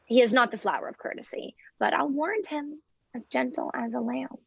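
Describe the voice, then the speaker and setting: A woman playing a gravelly, groaning old nurse. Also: high voice, brisk, dry recording, highs cut off, heavily acted. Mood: complaining. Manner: complains with groans and whispered asides. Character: weary old nurse, fussy and teasing. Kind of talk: video-call table read of a play.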